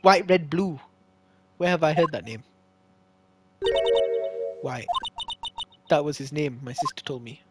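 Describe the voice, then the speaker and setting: A streamer reading a story game aloud, voicing the lawyer hero with animated, joking asides. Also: medium pitch, a little slow, long pauses. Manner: animated, jokey asides, swaps voices between characters. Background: loud game music.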